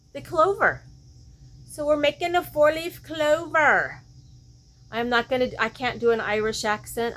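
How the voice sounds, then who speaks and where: A woman's voice: fairly high pitch, a little hiss or hum. A woman hosting a crochet vlog, chatting casually and thinking aloud, often questioning herself mid-sentence. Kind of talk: casual show-and-tell chat.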